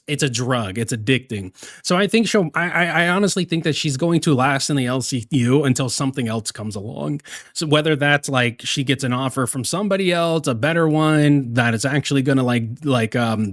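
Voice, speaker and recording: A man's voice: mid-range voice, no room sound, studio quality. A man giving casual, rambling commentary while reacting to a stream clip, with some swearing.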